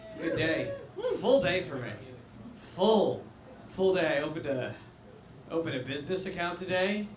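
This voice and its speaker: A man in his thirties doing a halting, deadpan, self-deprecating stand-up set on a handheld mic in a small club. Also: high-pitched, slight background noise. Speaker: stand-up comedian. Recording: roomy live venue sound.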